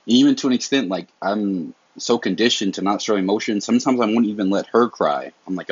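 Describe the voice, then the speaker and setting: Candid Southern man with a husky voice. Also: fairly low pitch, a little fast, no echo. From American South. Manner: candid, slangy, earnest. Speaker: podcast host. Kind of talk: casual solo podcast talk. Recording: dull lo-fi dry sound.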